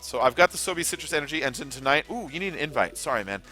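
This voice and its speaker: A young man chats loosely while streaming a game, his pitch jumping up and down as he rambles. His voice is bright and forward, with a swear tossed in here and there. Faint music and game sounds run underneath. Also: sing-song, quick pace. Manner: rambling, swears freely, reads chat aloud. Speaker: gaming livestream host. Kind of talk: casual livestream chat over gameplay.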